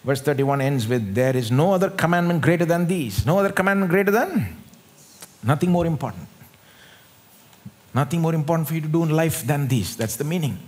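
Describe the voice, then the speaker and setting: An Indian man with a fairly high voice preaches a sermon in church. He talks in an animated way, poses rhetorical questions and laughs often. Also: brisk. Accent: Indian English. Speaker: pastor.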